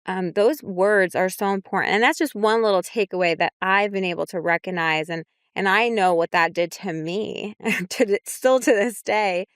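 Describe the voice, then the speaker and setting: A woman's voice: mid-range voice, moderate pace, clear, resonant tone, no echo, clean studio sound. A young adult woman, a clinician, talking things through reflectively on a podcast, often checking in with "right?". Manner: reflective, many fillers like "right?" and "you know". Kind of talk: casual podcast discussion.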